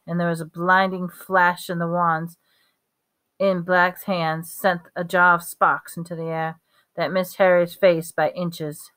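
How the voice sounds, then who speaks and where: Low-voiced woman reading a novel aloud. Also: pushed and bright. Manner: stumbles and corrects words while reading. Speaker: reader.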